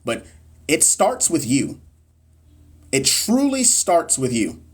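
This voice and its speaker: A man's voice: mid-range voice, husky. A young man tutoring nursing exam questions on a phone livestream, speaking casually and bluntly with slang, reading questions aloud and encouraging viewers. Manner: reads quiz questions aloud, then chats with viewers. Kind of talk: live-streamed Q&A teaching.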